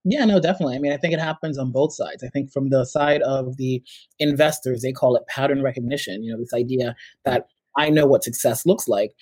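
Middle-aged New York man, quick and high-ish, lively raconteur, dry close mic. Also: breathy edge, no room sound, poor audio. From United States. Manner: animated storyteller, acts out quoted voices. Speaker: startup CEO, guest. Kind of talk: casual interview conversation.

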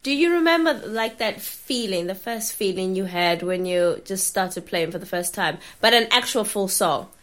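A woman's voice: mid-range voice, expressive, moderate pace, hardly any pauses, fairly bright tone. A woman interviewing a guest in a casual conversation, asking prompting questions and giving short backchannel replies.

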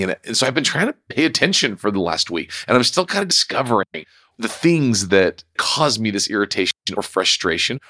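A man's voice: fairly low pitch, pushed and bright, no room sound, clean studio sound. A man hosting his own podcast, telling a personal story in a reflective, conversational way. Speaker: podcast host. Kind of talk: solo podcast monologue.

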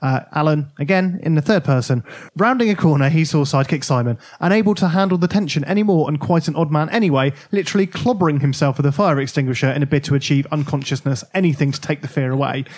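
A man's voice: fairly high pitch, fast, few pauses, a little mellow. A man hosting a casual podcast chat, reading passages from a book aloud in a wry way and laughing along. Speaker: podcast host.

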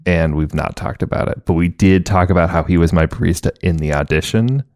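A man co-hosting a podcast, telling stories in an animated, self-deprecating casual chat. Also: sits low, fairly quick, dry recording.

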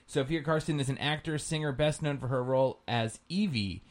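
A man's voice: mid-range voice, fairly quick. Rambling man on a casual podcast. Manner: rambling, animated storyteller. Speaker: podcast co-host.

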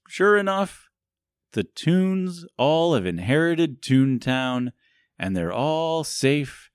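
A man's voice: lowish voice, no room sound, clean studio sound. A man co-hosting a podcast, casually recapping a movie in a rambling, jokey way, laughing often and filling with "like". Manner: rambling, frequent laughs and "like" fillers; jokey, self-mocking. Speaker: podcast co-host.

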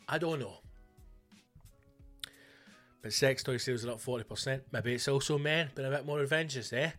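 A Scottish man with a mid-pitched voice rants through a casual comic monologue, blunt and full of swearing. He talks as a podcast host, with faint music behind him. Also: a little fast.

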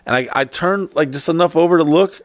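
A man hosting a podcast, telling a story in casual chat, swearing and excitable. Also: fairly high pitch, a little fast, dry recording, studio quality. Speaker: podcast host.

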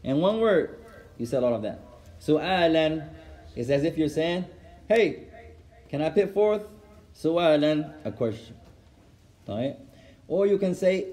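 A male teacher with a fairly high, animated, warm voice speaks a little fast while teaching a class of students. He moves between Arabic and English and repeats words for the class.

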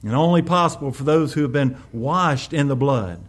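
A male pastor, preaching a sermon with sudden swells in volume and slowed, stressed phrases. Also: medium pitch.

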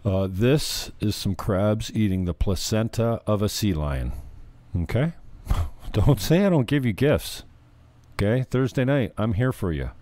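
A man's voice: fairly low pitch, lively intonation, measured pace, warm tone, no echo. A man hosting his own show, giving rambling, profane, joking commentary on viral videos. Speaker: show host.

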